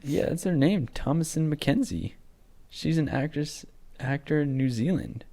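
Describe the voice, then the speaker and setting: A man's voice: fairly high pitch, unhurried, mellow. A man in his twenties co-hosting a podcast, chatting casually and rambling with lots of fillers. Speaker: podcast co-host. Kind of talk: casual chat.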